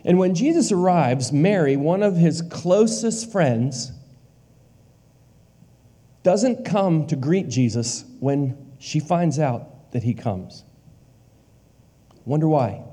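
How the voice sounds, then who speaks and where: A man preaching a sermon with emphasis. He repeats lines for weight and drops to a hush on key words. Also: on the high side, lively intonation, slow pace, pauses often. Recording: long hall reverb.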